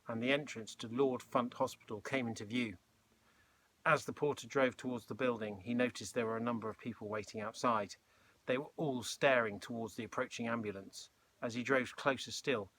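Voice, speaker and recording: A man reading a children's novel aloud, relaxed, with chatty asides between passages. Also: mid-range voice, a little hiss or hum. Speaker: storybook reader.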